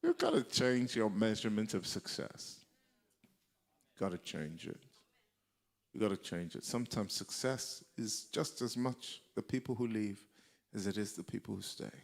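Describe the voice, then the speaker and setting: A male preacher delivering a sermon, emphatic and repeating key lines for effect, with a gravelly voice. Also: lowish voice, sing-song, moderate pace.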